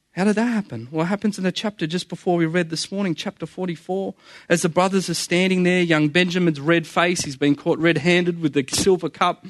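A man's voice: fairly high pitch, no echo, studio quality. A man preaching a sermon in an earnest, conversational way, often repeating phrases for emphasis.

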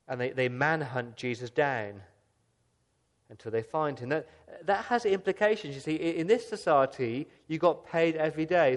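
A man preaching a sermon as a pastor, earnest, asking the listeners questions and swinging between loud emphasis and soft, quiet lines. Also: fairly high pitch.

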